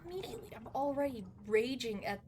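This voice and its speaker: A woman streaming a game live, talking loudly and exasperated, swearing a lot and laughing between outbursts. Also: high voice, sing-song, fast, slight background noise. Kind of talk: live gameplay commentary.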